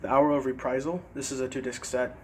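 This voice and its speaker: A young man casually showing his CD collection in a vlog, relaxed and a bit hesitant, pausing over tricky words. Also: mid-range voice, noisy background. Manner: relaxed, hesitant with fillers and careful pronunciation. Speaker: vlogger. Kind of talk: casual CD collection show-and-tell.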